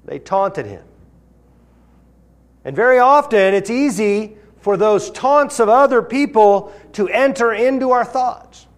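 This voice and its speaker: A man preaching a sermon, reading scripture aloud with rising force and dropping low and quiet to stress key words. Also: lively intonation, slow pace. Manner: earnest, rises in pitch and volume when reading scripture, drops low for emphasis. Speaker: pastor.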